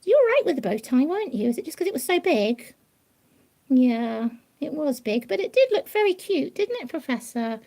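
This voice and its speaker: A woman's voice: sits high, big pitch swings, normal speed, warm tone. A woman talking to her pet rabbit in a playful, coaxing, sing-song way. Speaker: pet rabbit owner hosting a live stream. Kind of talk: doting talk to a pet rabbit.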